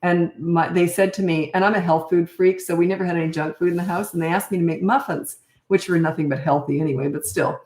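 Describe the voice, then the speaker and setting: A woman's voice: on the low side, fairly even intonation, fast, hardly any pauses, darkish tone. Blunt older woman in an echoey room. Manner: blunt, no-nonsense, acts out quoted lines. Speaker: parenting coach. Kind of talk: casual advice talk.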